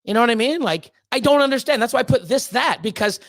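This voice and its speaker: A woman's voice: a little high, animated, fast. A woman streamer ranting casually to her chat, swearing constantly and stumbling over her words as she gets worked up. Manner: swears constantly, stammers and restarts when worked up. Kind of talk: heated casual rant.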